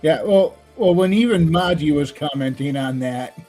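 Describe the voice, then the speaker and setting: A man's voice: fairly high pitch, normal speed, soft background music. A man hosting a casual online panel, reading out chat comments and laughing along. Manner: relaxed, laughs along, reads comments aloud. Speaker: host.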